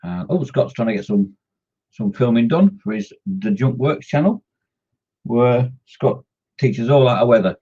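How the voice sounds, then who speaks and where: A man with a slightly husky voice chats away on a hobby live stream, calling out to viewers and cracking small jokes. His pitch sits in the middle for a man. The sound is muffled and lo-fi, like a cheap home microphone. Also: animated, unhurried, warm tone. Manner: chatty, greets viewers by name, jokey. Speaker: scale model hobby streamer. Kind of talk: casual live-stream chat while modelling.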